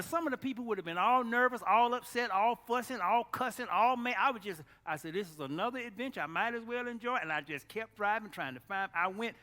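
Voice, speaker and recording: A man preaching a storytelling sermon, animated, exclaiming loudly at times and dropping to a hush at others. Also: sits high, in a large hall.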